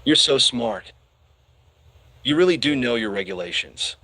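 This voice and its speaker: Male reader as a croaking, admiring cadet sidekick; slow, lively delivery. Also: medium pitch, dry recording.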